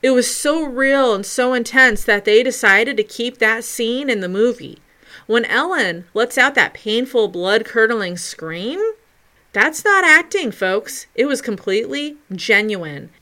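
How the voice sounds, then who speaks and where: A woman hosting a video, narrating film trivia in a chatty, expressive way with loud bursts for emphasis. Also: a little high, measured pace. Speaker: video host.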